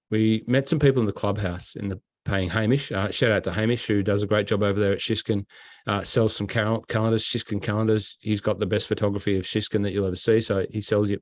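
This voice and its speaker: A man's voice: on the low side, darkish tone, no echo. A middle-aged Australian man hosting a golf podcast, telling travel stories in a chatty, enthusiastic way. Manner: chatty, enthusiastic anecdotes with playful impressions. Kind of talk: casual storytelling chat.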